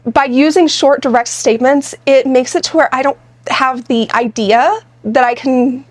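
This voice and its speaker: A woman's voice: sits high, steady tone, moderate pace. A woman co-hosting a podcast, talking in an earnest, explanatory way about her marriage. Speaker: podcast co-host. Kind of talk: casual conversational podcast.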